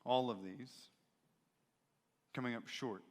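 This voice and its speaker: A male pastor preaching a sermon in a church, expressive and emphatic, switching into voices to act out quotes. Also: mid-range voice, takes it slowly. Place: church sanctuary. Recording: reverberant church sanctuary.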